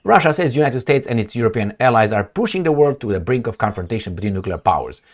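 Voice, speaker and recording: Animated male commentator, lively pitch. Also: fast talker. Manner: animated, rhetorical, sarcastic. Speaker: political commentator. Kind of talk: casual opinion commentary.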